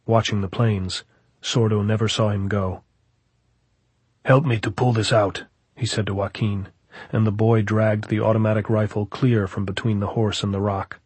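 A man narrating a novel in a measured, even storytelling manner. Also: on the low side, slightly rough, no room sound. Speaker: audiobook narrator. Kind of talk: scripted narration.

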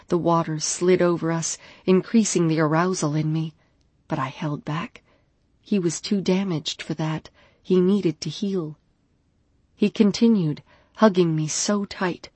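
A woman narrating a first-person romance audiobook in an intimate, measured way. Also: fairly low pitch, darkish tone, husky, no echo.

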